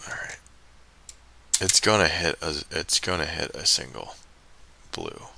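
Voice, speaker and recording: A man with a very deep, gravelly voice talks slowly on a live stream, often dropping to a mutter. His tone is strikingly bright, and a faint hiss runs under the desk mic. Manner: muttering, frustrated, talks to himself. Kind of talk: casual live-stream commentary while playing.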